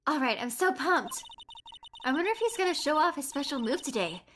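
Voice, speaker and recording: Girl putting on a peppy young sidekick voice, all squeaky and loud from a game, bouncing along. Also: very animated, brisk, a little hiss or hum. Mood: excited. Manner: bubbly, exclaiming. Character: excitable young woman sidekick, cheerful.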